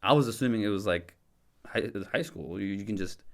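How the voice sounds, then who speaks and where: A young man from Michigan casually telling a story as a podcast guest, animated and slangy, laughing and swearing as he goes. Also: fairly low pitch, fast talker, creaky. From Dearborn, Michigan.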